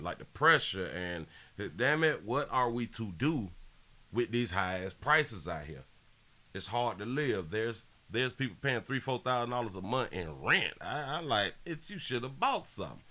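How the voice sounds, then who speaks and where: Slangy, low-voiced male livestream host. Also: bright, forceful tone. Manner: repetitive, slangy, reads out viewer donations. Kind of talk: casual live-stream commentary.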